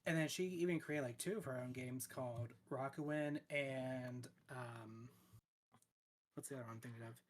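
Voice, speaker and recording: A man in an easygoing chat about streaming, his voice sitting at an ordinary middle pitch. He rambles and restarts a lot, scattering fillers and laughing often. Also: normal speed. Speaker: streamer guest. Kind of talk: casual chat.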